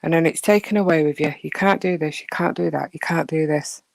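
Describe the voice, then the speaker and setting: A woman's voice: sits low, brisk, vocal fry, dry recording. A woman hosting a casual live chat with her viewers, teasing and chatty as she answers them. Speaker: livestream host chatting with viewers.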